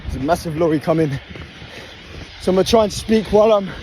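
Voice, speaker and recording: A man's voice: high-pitched, animated, fast talker, a little mellow, slight background noise. A young man, out of breath, giving a swearing motivational rant while jogging at night with a phone. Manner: swearing, preachy, breathing hard while running. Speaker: fitness vlogger. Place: outdoors by a motorway at night. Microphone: phone held while running.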